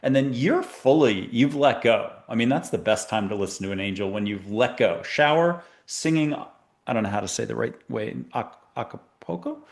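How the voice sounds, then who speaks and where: Here a medium-pitched, animated man hosts a spiritual talk show at a moderate pace. He rambles and jokes around while walking his listeners through a guided exercise, like a relaxed meditation chat.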